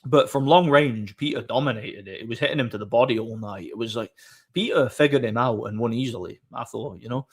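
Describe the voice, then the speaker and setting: A man's voice: medium pitch, fairly quick, husky. A man chatting casually on a live stream, opinionated and rambling, often repeating words as he thinks. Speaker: streamer host. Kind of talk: casual chat answering viewers.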